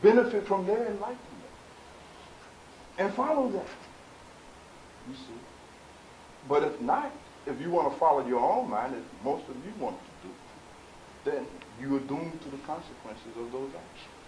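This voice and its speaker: A man gives a preaching lecture to a live audience, talking to his listeners directly. He drops into low asides, then rises to loud, emphatic exhortation. The sound is roomy and echoey, with a faint hiss under the voice. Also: lively intonation, normal speed. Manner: conversational, addresses listeners directly. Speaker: spiritual teacher. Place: meeting room with live audience.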